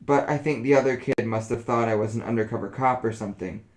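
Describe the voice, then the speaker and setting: A man voicing an elderly woman who speaks in a flat, emotionless, dazed way. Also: mid-range voice, fast talker, natural voice. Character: elderly woman, dazed and flatly matter-of-fact.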